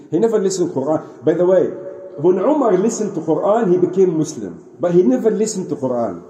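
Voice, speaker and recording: A man with a mellow, high voice briskly tells a religious story in an informal lesson, retelling it animatedly with frequent restarts and sprinkled Arabic phrases. The recording has a roomy echo and faint ambient noise.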